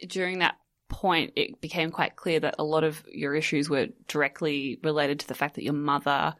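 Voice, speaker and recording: A woman's voice: deep voice, fairly even intonation, normal speed, fairly bright tone. A young woman, hosting a casual chat in a supportive, chatty way.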